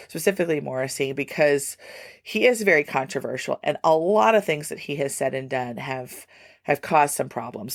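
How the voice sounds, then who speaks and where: A woman hosting a solo music podcast, chatty and animated with self-deprecating asides. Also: sits low, dry recording, studio quality. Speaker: podcast host. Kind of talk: casual solo podcast talk.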